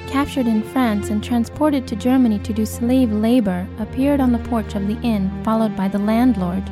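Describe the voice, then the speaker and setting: A woman narrating an audiobook in a measured, dramatic style. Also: on the high side. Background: cinematic score.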